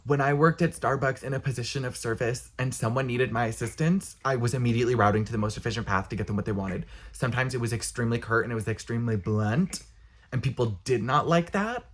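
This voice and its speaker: A man's voice: medium pitch, fairly bright tone, a little hiss or hum. A young man ranting casually to camera, exasperated, blunt and profane. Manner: exasperated, blunt, profane, talks with quick bursts. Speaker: vlogger.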